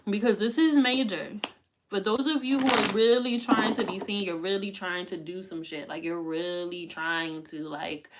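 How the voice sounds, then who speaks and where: A woman's voice: medium pitch, moderate pace, very noisy. Woman, tarot reader, live stream, emphatic, repetitive, slangy, coaching, curses freely.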